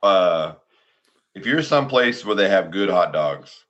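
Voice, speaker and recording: A man's voice: deep voice, expressive, unhurried, a bit bright, muffled recording. A man co-hosting a casual sports and beer podcast, talking in a rambling, joking way with lots of fillers. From United States. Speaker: podcast co-host. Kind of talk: casual chat.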